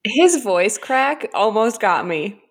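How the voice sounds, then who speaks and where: A woman co-hosting a podcast, chatting casually in a soft-spoken, earnest way. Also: fairly high pitch, animated, takes it slowly, breathy edge. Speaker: podcast co-host. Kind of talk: casual recap chat.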